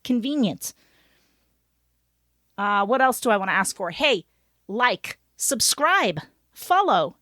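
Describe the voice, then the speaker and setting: A woman co-hosting a podcast, reading funny stories aloud in an animated, giggly way. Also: on the high side, slow, pauses often, dry recording, clean studio sound. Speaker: podcast co-host.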